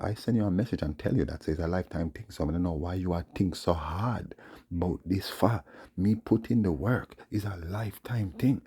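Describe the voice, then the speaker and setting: A man's voice: sits low, mellow, slightly rough. A man, ranting in a rambling, indignant monologue full of muttered asides. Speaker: vlogger.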